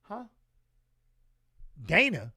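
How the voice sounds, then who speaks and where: A man with a notably high, bright voice hosts a live watch-along stream. He talks in an excitable, slangy, joking way and reacts to the action and to chat. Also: extremely slow, creaky, slightly rough. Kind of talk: casual live-stream fight commentary.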